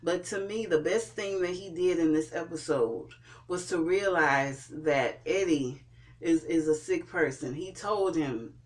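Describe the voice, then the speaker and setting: A vlogger recapping and reviewing a TV episode in a casual way, pausing often and restarting sentences. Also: medium pitch. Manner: hesitant, with frequent fillers and restarts. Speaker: TV show reviewer.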